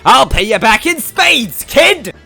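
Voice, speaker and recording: A man's voice: very high-pitched, animated, moderate pace, a bit bright, faint music behind, pitched above the performer's own voice, full character voice. A man voicing a small, vengeful male bean-creature thief with a screechy voice. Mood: vengeful rage.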